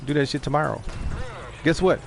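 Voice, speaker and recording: A man chatting casually on a livestream, rambling, profane and eager. His voice has a gravelly rasp at mid pitch. Music plays clearly under his talk. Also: brisk. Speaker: streamer. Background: music playing.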